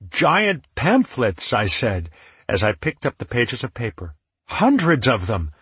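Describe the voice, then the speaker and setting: A man's voice: medium pitch, wildly swooping pitch, measured pace, bright, forceful tone, breathy edge, dry recording, full character voice. A man reading an audiobook, voicing the curious, anxious young hero Winter in an earnest, plain way. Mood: excited.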